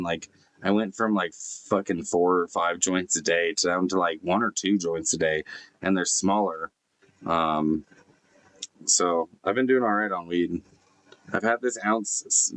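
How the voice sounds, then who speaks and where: Man, very deep voice, laid-back rambling live-stream chat, swears a lot, many fillers, inside a van. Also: a bit bright, dry recording. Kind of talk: casual live-stream chat, reading and answering comments. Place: inside a broken-down van in a forest snow park. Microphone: computer camera setup.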